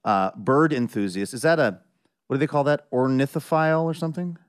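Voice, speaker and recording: A man's voice: mid-range voice, brisk, clean tone. A man hosting a public radio show, bantering with his announcer and reading ads. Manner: upbeat, bantering.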